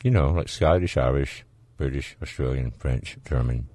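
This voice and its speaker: Deep-voiced Southern radio host. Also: male voice, normal speed, darkish tone, no room sound. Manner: folksy, laughs easily. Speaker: radio talk show host. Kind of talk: casual call-in chat. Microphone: studio microphone.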